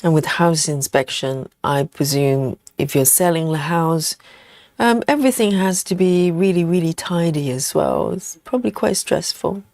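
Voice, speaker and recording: A woman hosting a relaxed live cross-stitch stream, chatting casually with viewers as she stitches. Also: low voice, moderate pace, no echo, studio quality. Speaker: host of a cross-stitch livestream. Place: at home in the evening.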